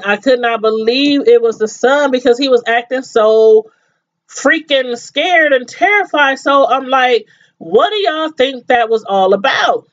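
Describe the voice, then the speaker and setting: A woman in casual chat recapping a TV episode, animated and laughing as she acts out the characters' lines. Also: on the high side. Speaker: TV show reviewer. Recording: slightly dull, lo-fi sound.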